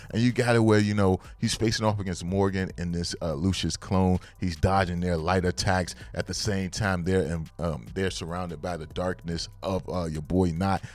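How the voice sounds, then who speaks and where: A man with a low, deep voice talks through new comic chapters in a loose, slangy way. He gets worked up easily and spikes into loud, excited outbursts before settling back into easy chat. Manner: slangy, excitable, breaks into loud bursts of hype. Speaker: manga reviewer. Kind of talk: casual chapter review.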